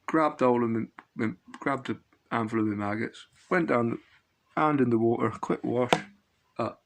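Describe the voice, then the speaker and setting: A man's voice: medium pitch, measured pace, creaky, long pauses. A middle-aged man, rambling and chuckling as he recounts an old fishing match, often correcting himself mid-sentence. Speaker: fishing channel host. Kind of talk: casual anecdotal storytelling.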